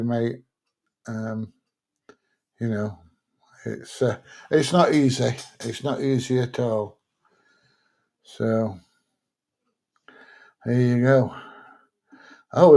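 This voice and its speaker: A man's voice: medium pitch, creaky, a little mellow. A middle-aged man, chatting casually on a live stream and reading out viewer comments, thinking aloud with plenty of fillers.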